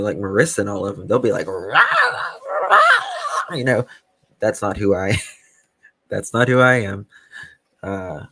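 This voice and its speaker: A man with a very low, gravelly voice hosts a casual live stream, answering chat comments in an unhurried, dry, teasing way. He speaks slowly into a close mic with a dry sound. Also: no echo. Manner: calm, slow, dry, teasing. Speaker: YouTube web sleuth host reading live chat.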